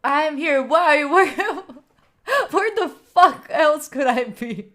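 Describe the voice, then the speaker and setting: A woman's voice: sits high, animated, takes it slowly, fairly bright tone. A woman from Italy hosting a study live stream, chatting playfully with her viewers, laughing and swearing often. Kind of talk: casual live-stream chat.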